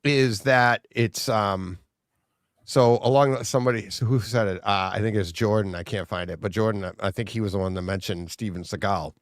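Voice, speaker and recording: A man's voice: lowish voice, steady tone, normal speed, dry recording, studio quality. A man co-hosting a podcast in casual chat, rambling and laughing often. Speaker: podcast co-host.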